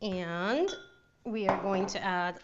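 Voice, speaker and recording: A woman's voice: mid-range voice, slow, muffled recording, heavy background noise. Giggly woman hosting a cooking show. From Northern California. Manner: chatty and giggly, laughs often. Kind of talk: casual live cooking demo.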